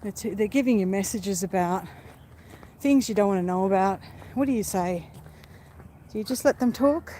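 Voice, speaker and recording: This woman chats with viewers during a casual live-stream walk in a park, phone in hand, rambling and getting distracted. She speaks at normal speed in a medium-pitched, dark-toned voice over faint outdoor background noise.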